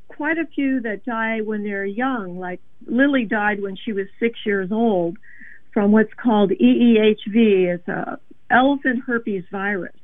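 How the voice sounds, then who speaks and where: A woman heard over a tinny phone line, her voice sitting a touch high and completely dry. She explains things in an earnest, measured way, like a guest on a call-in interview. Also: no echo. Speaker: animal advocate guest.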